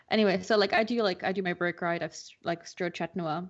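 A woman talks casually as a podcast guest, rambling and full of filler words. Her voice sits at a middling pitch for a woman. The audio is dull and muffled. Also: fast, hardly any pauses. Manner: chatty, lots of "like" fillers. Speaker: guest, card game player.

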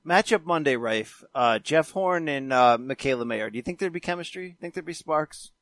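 Brief: male host, somewhat high pitch, dry sound, casual question-asking. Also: normal speed, no echo. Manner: relaxed, prompting questions. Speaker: podcast host. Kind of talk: casual chat.

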